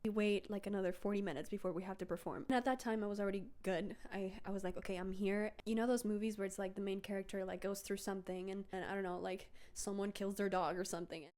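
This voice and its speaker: Talking fast and barely pausing, a young woman with a darkish tone and fairly even intonation recounts a personal story in a casual vlog. She fills gaps with "like" and "bro" and pops into high voices for quotes.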